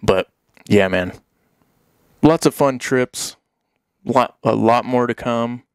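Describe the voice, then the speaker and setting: A man's voice: mid-range voice, takes it slowly, smooth, no room sound. A man in easy, loose conversation, rambling through a story and breaking into laughter as he acts out the voices of his friends. His voice sits in an ordinary middle register, and the recording is dry and close, with no room sound. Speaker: podcast guest telling hunting stories. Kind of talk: casual storytelling chat.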